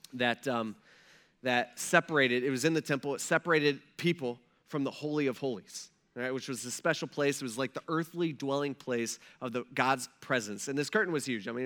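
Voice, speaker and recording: A man preaching a sermon, moving between hushed storytelling and rising, emphatic passages. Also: medium pitch, in a large hall. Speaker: pastor.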